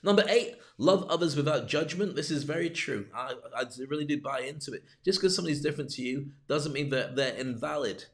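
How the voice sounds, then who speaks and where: A man's voice: fairly high pitch, expressive, fairly quick, hardly any pauses. A middle-aged man hosting a live self-help show, giving a candid motivational monologue with stories and numbered points.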